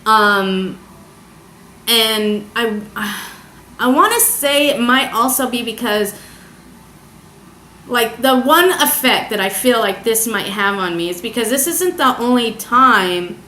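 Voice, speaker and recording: A young woman telling a personal story in a confessional vlog, halting and hesitant, emotional as she searches for words. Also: fairly high pitch, pushed and bright, slight background noise. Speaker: vlogger. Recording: echoey room.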